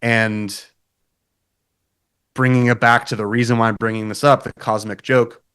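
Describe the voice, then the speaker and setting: A man, a podcast guest and metal guitarist, telling a long personal story in a casual, animated way, swearing a lot and filling his talk with "like". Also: mid-range voice, normal speed, clear, resonant tone. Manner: swears often, frequent "like" fillers.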